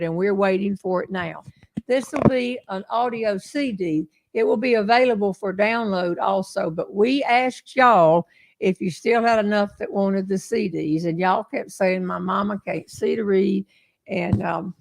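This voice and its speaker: An older woman with a Southern American accent talks in a chatty, folksy way. Her voice has a gravelly fry, and it sounds close and dry, with no room around it. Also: mid-range voice, darkish tone, dry recording. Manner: folksy, chatty storyteller, laughs often. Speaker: host. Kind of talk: casual livestream chat.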